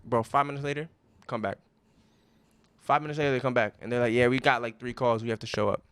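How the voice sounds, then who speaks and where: Podcast co-host, New man, rapid, clear delivery, slangy and profane. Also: medium pitch. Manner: profane, animated storyteller with slang. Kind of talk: casual chat, storytelling.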